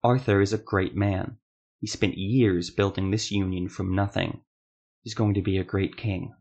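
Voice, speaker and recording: A man's voice: low voice, fairly even intonation, moderate pace, a little mellow, dull audio. An actor voicing a dying, wounded male rebel hunter who wheezes weakly as he speaks. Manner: weak, wheezing.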